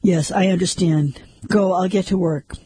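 A man's voice: high-pitched, fairly even intonation, moderate pace, mellow, breathy edge, no echo. A man voicing a weary, nervous man who gives short, hesitant answers. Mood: meek.

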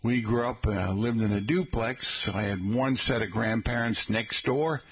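Husky folksy male radio host. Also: medium pitch. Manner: folksy and chatty, spells out details slowly. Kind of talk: casual radio talk. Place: radio studio.

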